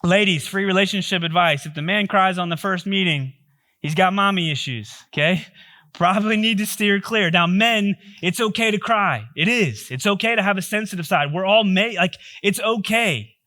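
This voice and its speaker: A man's voice: high-pitched, normal speed, sharp tone. A male pastor giving a sermon, telling a story in a joking, conversational way.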